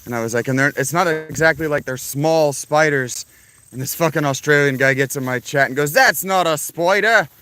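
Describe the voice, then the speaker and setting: A man's voice: medium pitch, fairly even intonation, a little fast, fairly bright tone, clean tone. A man chatting casually on a live stream at an outdoor campsite, rambling, swearing freely and greeting chat viewers.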